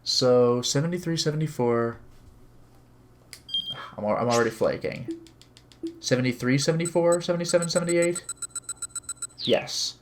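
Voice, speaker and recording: A man's voice: fairly high pitch, normal speed, long pauses, slight background noise. A man playing a visual novel on stream, chatting casually and reading its narration and dialogue aloud with light character voices. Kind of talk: casual game commentary with read-aloud narration.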